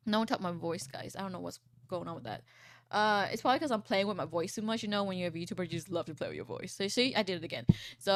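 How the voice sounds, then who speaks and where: A woman in her twenties, a VTuber, chatting casually and reading posts aloud on stream, rambling and swearing, with a froggy, croaky low voice. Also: no echo, clean studio sound. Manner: rambling, swears, laughs often.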